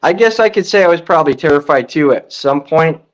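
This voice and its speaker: A man's voice: on the high side, expressive, brisk. A man co-hosting a live podcast, chatting casually in an easygoing way and laughing along. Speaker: podcast co-host. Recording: dull lo-fi sound.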